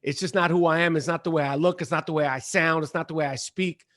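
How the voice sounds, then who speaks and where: A middle-aged man, an actor and comedian, chatting as a podcast guest in a profane, emphatic, animated way. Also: fairly high pitch, fast. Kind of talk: casual podcast chat.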